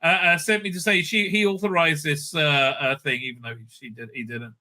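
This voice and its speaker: A prim, flustered protocol droid frets in a high, bright voice, as a man imitates him. He stumbles over his message with nervous propriety. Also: steady tone, normal speed. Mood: fussy. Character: fussy golden protocol droid, male.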